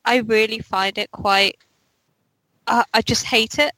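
A woman chatting casually on a film podcast, piling on fillers and restarts. Her voice is bright and a little high. The sound is dry and close, with no room around it. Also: fairly even intonation, a little slow, dry recording, rough recording. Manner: chatty, lots of likes and restarts. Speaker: podcast co-host.

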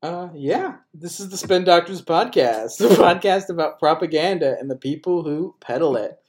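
A man's voice: on the high side, lively intonation, moderate pace, a little mellow. Laughing, swearing podcast host guy. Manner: laughing, profane, rambling anecdotes. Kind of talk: casual chat, storytelling.

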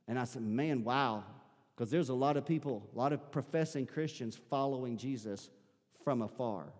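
Man, Southern US accent, pastor preaching, emphatic rising bursts, mid-pitched, long church reverb. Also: normal speed, a little mellow. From American South. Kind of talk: sermon. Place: church sanctuary. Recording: live-streamed sermon in a reverberant hall.

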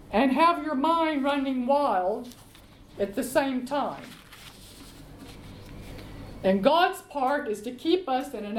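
A woman leading a Bible study, reading scripture aloud and explaining it in a slow, deliberate way. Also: high-pitched, slight background noise. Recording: echoey room.

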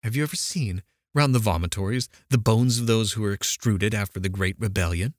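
A man's voice: on the low side, brisk, dry recording, studio quality, natural voice. A man reading an audiobook, voicing a stern, dismissive middle-aged mother who questions coldly. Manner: cold, questioning.

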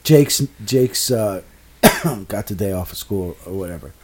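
A man telling an exasperated, profane story in a casual chat, swinging between low mutters and loud outbursts. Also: lively intonation, unhurried, noisy background.

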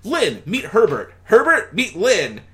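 A man voicing a wisecracking, smug and crude male alien in a comedic dramatic reading, with a loud, teasing delivery. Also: sits high, wildly swooping pitch, slow, pitched above the performer's own voice, full character voice.

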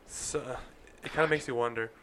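A man's voice: medium pitch, steady tone, normal speed, a bit bright. A young man with a mid-range voice chats on a podcast mic. He hedges and circles his points, filling gaps with "like" and "I don't know" before trailing off. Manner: hesitant, filler-heavy, trailing off. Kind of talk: casual chat.

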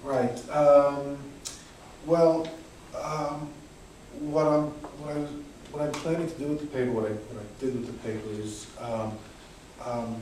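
An American man explains a theory at a conference, stopping and restarting his sentences as he goes. His voice sits at an ordinary pitch. He sounds far from the microphone, in a room with heavy echo. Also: dark tone, a little hiss or hum. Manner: hesitant, many restarts and fillers. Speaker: conference presenter. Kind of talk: academic talk with discussion. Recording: echoey room, voice far from mic.

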